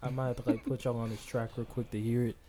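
A man's voice: medium pitch, level tone, fast talker, warm tone, a little hiss or hum. A young man on a podcast, talking in a laid-back, slangy way and laughing easily. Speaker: podcast guest. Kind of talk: casual chat.

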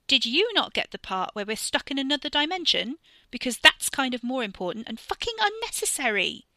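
A woman reading the lines of a sharp-tongued, exasperated teenage girl in an audiobook story. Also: on the high side, big pitch swings, normal speed, dry recording, voice pushed up, heavily acted.

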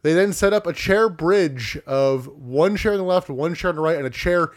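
A man's voice: fairly high pitch, moderate pace. A man co-hosting a casual podcast, recapping wrestling matches play by play with wry asides. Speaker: podcast co-host.

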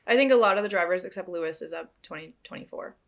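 A woman's voice: lowish voice, fast talker, fairly bright tone. A woman from Canada co-hosting a casual podcast, playful and blunt, laughing often. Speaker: podcast co-host. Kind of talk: casual chat.

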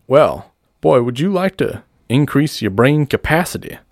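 A man playing a booming snake-oil showman doctor. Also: sing-song, unhurried, no room sound, studio quality. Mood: showman pitch. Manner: booming carnival barker pitch, bossy and sly.

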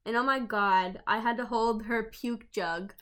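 A fairly high-pitched English woman in her twenties co-hosts a podcast at a measured pace. She tells animated stories in a blunt, profane, casual style.

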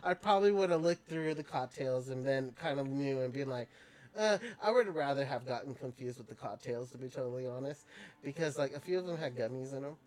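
A woman's voice: a bass voice, fairly quick, darkish tone. A woman hosting a podcast, chatting casually with lots of laughter and fillers. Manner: laughing often, many fillers. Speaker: podcast host. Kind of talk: casual chat.

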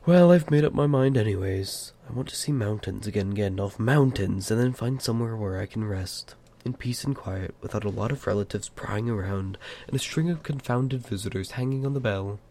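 A man's voice: on the low side, normal speed, hardly any pauses. A man voicing an elderly male hobbit, fussy and possessive, in an amateur audiobook reading. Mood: wistful. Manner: fretful, turning sharp and clutching.

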